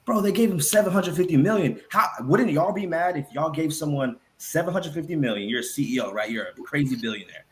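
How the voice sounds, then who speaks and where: A man's voice: fairly high pitch, lively intonation, brisk, few pauses, slight background noise. A man calling into a chat show, ranting in slang and piling up opinions. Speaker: caller. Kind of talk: casual chat.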